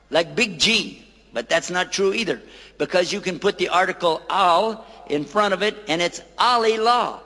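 Animated man lecturing in a hall. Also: high voice. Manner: playful, quizzing the audience, repeating words slowly. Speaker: lecturer on Islam. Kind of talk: lively public lecture to an audience. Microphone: microphone. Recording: long hall reverb.

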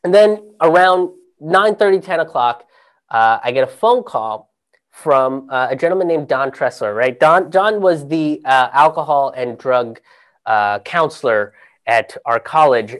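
A man's voice: mid-range voice, lively intonation, a little slow, fairly bright tone. A man telling a comic personal story, rambling and profane, often laughing through his own lines.

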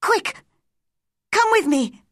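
A woman's voice: extremely high pitch, lively intonation, slow, dry recording, clean studio sound, pitched above the performer's own voice, exaggerated voice. A woman voicing a young mother who sounds worried and agitated. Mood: frantic.

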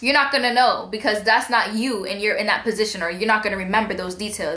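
A woman's voice: mid-range voice, fast talker, few pauses, sharp tone. A young woman vlogger telling a personal account to the camera in a candid, conversational way. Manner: candid, conversational, quotes text messages aloud. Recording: echoey room.

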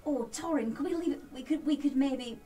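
Woman, fairly high voice, hesitant repeats, distant mic, soft music behind. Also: a little fast. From England. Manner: hesitant, flustered, repeats words. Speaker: player. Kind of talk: in-character tabletop role-play.

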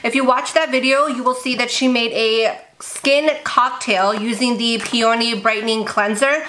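A young woman vlogging casually as she unboxes beauty products, gushing and gasping with excitement. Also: fairly high pitch, normal speed, a little hiss or hum. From India. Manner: gushing, excitable, gasps often.

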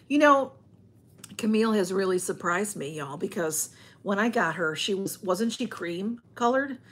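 A woman hosts a casual livestream from home, rambling and greeting viewers by name as she reads their comments. Her voice is medium pitch with a breathy edge.

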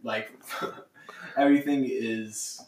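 A man's voice: mid-range voice, steady tone. Man talking casually in an echoey room. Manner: halting, filler-heavy. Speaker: podcast host. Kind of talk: casual chat. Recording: echoey room, distant mic, faint noise.

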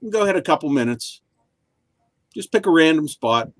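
A man calmly explaining things in a casual online chat. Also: a little high, moderate pace, dry recording. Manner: calm, explanatory.

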